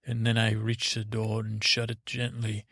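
A man hosting a podcast, telling a meandering bedtime story in a halting, self-correcting way. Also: fairly low pitch, monotone, creaky, fairly bright tone, dry recording, studio quality.

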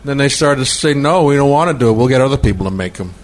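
A man's expressive, medium-pitched voice moves at a quick pace, only lightly acted, as he does a giggling impression of an older filmmaker. He rambles wistfully and slips out of character on a noisy podcast.

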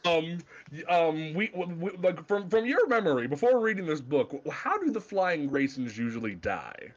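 A man co-hosting a casual comic book podcast, talking in an animated, profane way with stammering restarts. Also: fairly high pitch, normal speed, highs cut off. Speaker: podcast co-host.

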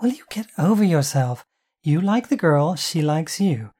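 A brash, foul-mouthed sister bosses and teases in a raised, mellow voice, as the audiobook narrator puts her on. She booms and insists rather than asks. The reading stays warm rather than sharp. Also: big pitch swings, unhurried, slightly rough, heavily acted. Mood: bossy. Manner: loud, bossy and swearing.

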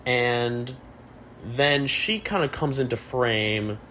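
A man's voice: mid-range voice, slow, sharp tone, a little hiss or hum. A young man hosting a casual podcast chat, musing in a jokey, mock-profound way. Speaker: podcast host.

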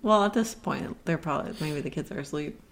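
A woman co-hosting a casual podcast, reacting with quick remarks and dry jokes. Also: low-pitched, expressive, gravelly. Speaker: podcast co-host. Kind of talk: casual chat.

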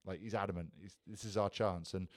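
A man's voice: low voice, fairly even intonation, a little fast. A man co-hosting a casual chat, telling self-deprecating stories with dry humour. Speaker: podcast co-host.

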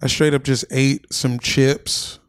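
A young man co-hosting a casual podcast, animated and swearing freely as he tells stories. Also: medium pitch, takes it slowly, clear, resonant tone, no room sound. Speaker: podcast co-host.

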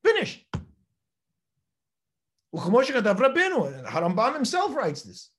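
A man's voice: sits high, fast, slight background noise. A rabbi teaching a Torah class, quoting Hebrew sources and pressing his points with rhetorical questions. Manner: animated, emphatic, rhetorical questions, quotes Hebrew texts. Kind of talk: Torah lecture.

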